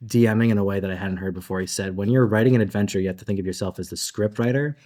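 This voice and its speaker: Casting note: deep-voiced male designer, chatty and animated, convention panel guest. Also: rapid-fire. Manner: animated, chatty, laughs between thoughts, uses filler like "like".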